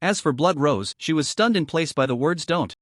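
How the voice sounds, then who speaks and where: A male narrator reading a fantasy recap with an animated, dramatic delivery. His voice sits a bit high and swings widely in pitch. The recording is dry and close. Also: moderate pace, no echo.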